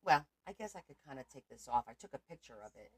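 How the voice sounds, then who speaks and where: A woman's voice: rumbling low, big pitch swings, fast, husky. A woman hosting a casual crafting livestream, chatting to viewers as she shows her work.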